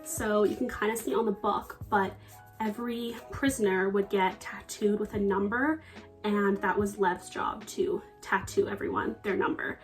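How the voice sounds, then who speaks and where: A young woman talks through her recent reads in a relaxed, chatty way, earnest and a little rambling, with small laughs. Her voice sits at an ordinary middle pitch. Soft music plays faintly underneath. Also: moderate pace. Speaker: book vlogger. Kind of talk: casual book review chat.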